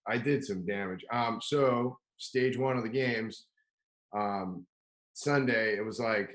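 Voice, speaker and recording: Man, casual storyteller, rambling and profane, lowish voice, roomy echo. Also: takes it slowly, fairly bright tone. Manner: rambling, profane, lots of "like" and restarts. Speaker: podcast guest telling a story. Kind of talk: casual chat.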